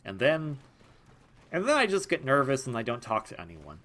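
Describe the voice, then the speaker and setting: A man's voice: medium pitch, wildly swooping pitch, normal speed, fairly bright tone. A young man giving casual let's-play commentary, rambling and self-deprecating, with frequent restarts and laughs. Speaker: gaming video host.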